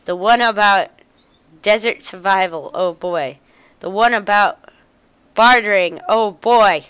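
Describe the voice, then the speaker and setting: Lady reading out a kind mom in a western game, sweet, unhurried. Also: mid-range voice, fairly bright tone, smooth, dry recording. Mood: fond. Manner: read aloud from game dialogue. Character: warm mother saying goodbye to her child.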